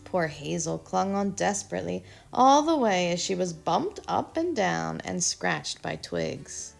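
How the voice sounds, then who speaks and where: Gravelly woman reading a children's story. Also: on the low side, measured pace, soft background music. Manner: expressive, storybook delivery. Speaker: storyteller, homeschool channel host. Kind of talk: children's read-aloud narration.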